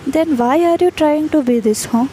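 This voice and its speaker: A woman's voice: high voice, normal speed, dark tone, a little hiss or hum, pitched above the performer's own voice, close to an everyday voice, rough recording. A woman voicing a worried mother who pleads sternly with her teen son in a read-aloud fan story.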